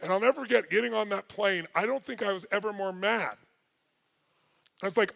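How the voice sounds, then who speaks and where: Animated gravelly man telling a story. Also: high voice, fairly quick. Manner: lively, swings from loud exclaiming to quiet earnest. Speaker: speaker telling a story to an audience.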